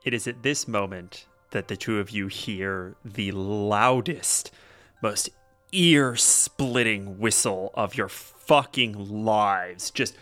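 A man's voice: fairly low pitch, takes it slowly, sharp tone, soft background music. A man narrating a tabletop role-playing game as game master, casual and improvising with lots of fillers.

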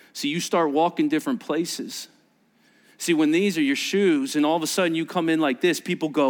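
Animated middle-aged male pastor preaching. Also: on the high side, normal speed, a little hiss or hum. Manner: animated storytelling with voiced quotes and asides; drops to a hushed near-whisper for emphasis. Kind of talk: sermon.

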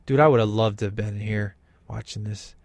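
A man's voice: lowish voice, fairly even intonation, a little fast, darkish tone, dry recording. A man talking through a film in casual commentary, enthusiastic and emphatic with lots of slang.

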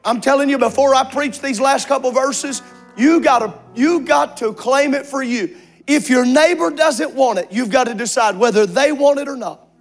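High-voiced preacher with music behind. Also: male voice. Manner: impassioned, rising to shouts with long drawn-out words. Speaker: pastor. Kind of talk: sermon. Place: church sanctuary with congregation.

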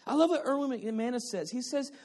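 A man delivers an animated sermon that swings between hushed, confiding asides and loud, shouted declarations. He jokes with his listeners and keeps checking that they are with him. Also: very high-pitched, fairly quick. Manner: playful, banters with the congregation. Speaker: pastor.

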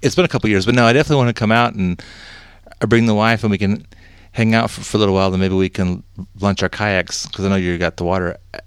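A rambling, easygoing man with a very low voice, telling stories in a relaxed chat. He laughs often and circles back over his points. The sound is close and dry. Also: fast talker, clear, resonant tone, no echo. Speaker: podcast host. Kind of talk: casual chat.

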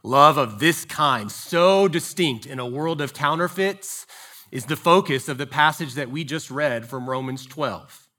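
A man's voice: fairly high pitch, unhurried, bright, forceful tone. A man preaching a sermon to his congregation, playful and joking, asking the room questions. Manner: playful, jokey, engages the congregation. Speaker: pastor. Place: church.

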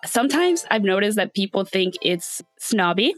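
A woman's voice: medium pitch, moderate pace, no room sound, soft background music. A young adult woman hosting a podcast, chatting casually and telling stories with frequent laughter. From Latin America. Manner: laughs often, animated storytelling. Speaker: podcast host.

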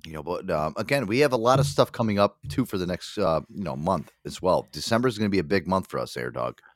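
A man's voice: sits low, lively intonation, quick pace, dry recording, clean studio sound. A man hosting a podcast in casual chat, rambling, swearing freely and laughing often. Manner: crude, rambling, laughs a lot. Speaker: podcast host.

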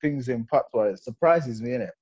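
A young man in a casual chat, expressive, slangy and quick to laugh. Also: medium pitch. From Jamaican heritage. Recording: dull lo-fi sound.

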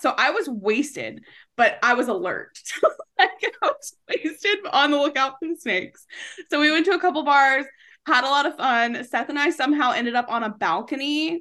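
A woman's voice: sits high, bright, forceful tone. A woman in her thirties co-hosting a podcast, chatting casually, swearing freely and laughing often. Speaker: podcast co-host. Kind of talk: casual chat.

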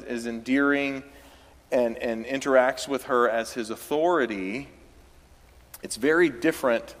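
A man from the South, a pastor preaching a sermon in a conversational way that rises into emphatic bursts. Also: medium pitch. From American South. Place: church sanctuary. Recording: church hall with long reverb.

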